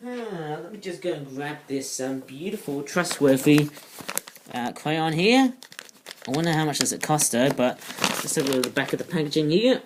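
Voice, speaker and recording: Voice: mid-range voice, animated, normal speed, noisy background. A toy reviewer in a casual vlog, rambling off topic with many ums and uhs. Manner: rambling, digressive, many fillers.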